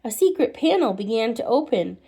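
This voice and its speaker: A woman reading a children's storybook aloud in an expressive way, with small restarts. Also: a little high, brisk, gravelly, slightly rough. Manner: expressive, with restarts and muttered asides.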